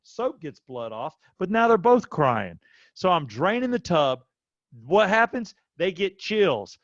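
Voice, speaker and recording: Male co-host, 30s, lively storyteller, dull lo-fi dry sound. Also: slow pace, no echo. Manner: animated storyteller, voice jumps high when quoting himself. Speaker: podcast co-host. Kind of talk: casual chat.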